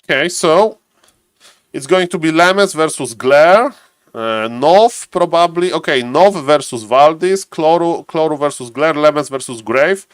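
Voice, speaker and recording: A man's voice: a little high, expressive, a little slow, clear, resonant tone, dry recording, clean studio sound. A man chatting casually on a live stream, greeting viewers by name and thinking aloud as he waits for a match. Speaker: streamer and caster.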